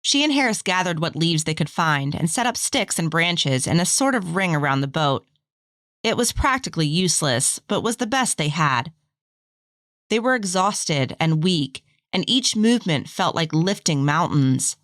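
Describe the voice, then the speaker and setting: Low-voiced woman narrating an audiobook. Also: big pitch swings, normal speed, fairly bright tone, dry recording, studio quality.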